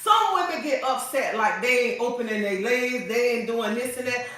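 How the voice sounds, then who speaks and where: A woman's voice: on the high side, animated, moderate pace, a bit bright. A woman host chatting casually on a livestream, sassy and preachy, calling her viewers honey. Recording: echoey room, mic at a distance.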